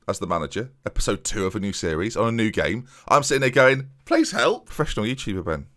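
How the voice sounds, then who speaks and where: A man's voice: lowish voice, expressive, fast talker, sharp tone. A man chatting casually and with self-mockery as he plays a game and talks viewers through his moves, recorded at home. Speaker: gaming YouTuber.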